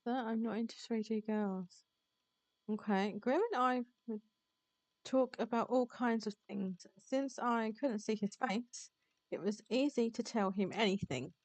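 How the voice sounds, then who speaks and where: A woman VTuber reading a visual novel aloud on stream, chatty and quick to laugh. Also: a little high, darkish tone, dry recording. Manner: chatty, reads game text aloud, laughs often. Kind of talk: live-streamed visual novel read-along.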